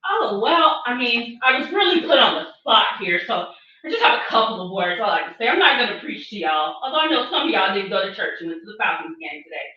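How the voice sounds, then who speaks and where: A woman's voice: a little high, very animated, fast talker, sharp tone. A woman giving a playful mock sermon as a comic bishop. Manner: playful preacher delivery, laughs often. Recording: echoey room, distant mic, muffled.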